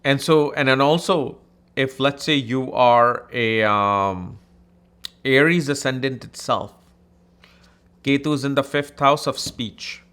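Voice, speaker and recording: Animated man teaching astrology. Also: mid-range voice, takes it slowly, pauses often. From India. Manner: animated, conversational, mimics people in anecdotes. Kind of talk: casual astrology lesson.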